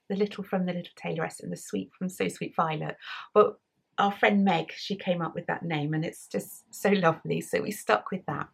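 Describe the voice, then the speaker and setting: An English woman hosting a knitting podcast, chatting casually to a camera at home and often trailing off into soft near-whispers. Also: mid-range voice, gravelly, breathy edge. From England. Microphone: camera mic.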